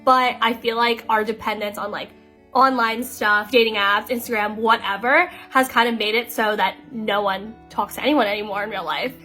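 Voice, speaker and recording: Chatty young woman over soft music. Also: on the high side, steady tone, normal speed. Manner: chatty, full of "like" fillers. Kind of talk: casual talking-to-camera video.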